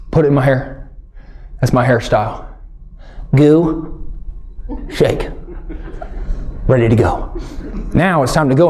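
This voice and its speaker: Un hombre con acento del sur de Estados Unidos haciendo comedia en vivo, que cuenta historias con mucha expresión y grita los remates. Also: male voice, mid-range voice. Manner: animated storytelling, acts out characters, shouts punchlines. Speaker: stand-up comedian. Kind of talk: stand-up comedy.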